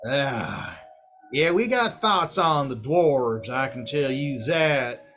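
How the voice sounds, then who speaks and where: A man's voice: medium pitch, lively intonation, drawn-out words, a bit bright, a little hiss or hum. A man doing a folksy redneck dragonborn commoner. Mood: folksy ranting. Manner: rural redneck drawl, rambling and cussing. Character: plain commoner male dragonborn, folksy and boastful.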